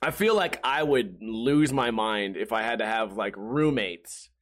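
A man's voice: fairly low pitch, lively intonation, unhurried, fairly bright tone. A young man hosting casual commentary, rambling and joking as he reads a news article aloud. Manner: rambling, joking, often laughing. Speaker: host.

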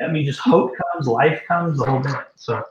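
A man, a guest minister, telling a story with animated emphasis and acting out the voices of the people in it. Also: medium pitch, fairly quick, roomy sound, muffled recording. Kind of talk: storytelling in a faith talk show.

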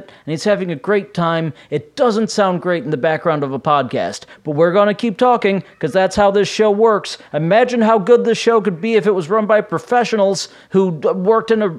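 A man hosting a solo podcast from home, talking in a casual, rambling way with plenty of fillers and restarts. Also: high voice. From United States. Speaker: podcast host. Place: home room with his cats.

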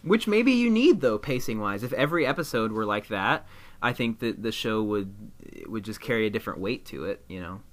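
A man's voice: on the low side, lively intonation, brisk. A man co-hosting a podcast, chatting casually about a TV episode with self-mocking jokes. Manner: joking, self-mocking, laughs often. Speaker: podcast co-host.

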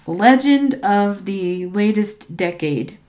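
Slow, hesitant woman reading a list. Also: medium pitch, expressive, darkish tone. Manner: hesitant, unsure pronunciations, trailing asides. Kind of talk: casual chat reading out a ranked list.

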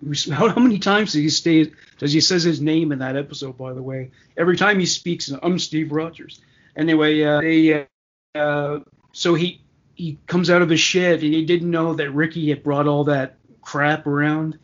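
A man's voice: fairly high pitch, fairly even intonation, normal speed, muffled recording. Man with a raised voice in casual chat.

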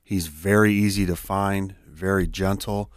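Recorded with clean studio sound and no echo, a peer support specialist tells a moving personal story on a radio talk show. His voice is low and steady, his delivery quick, sincere and conversational.

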